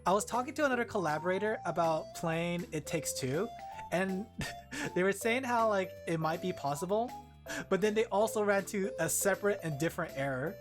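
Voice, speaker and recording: A woman's voice: medium pitch, expressive, moderate pace, over music. A woman with an Australian accent chatting playfully with her stream viewers, giggling and joking dramatically. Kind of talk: casual stream chat with viewers.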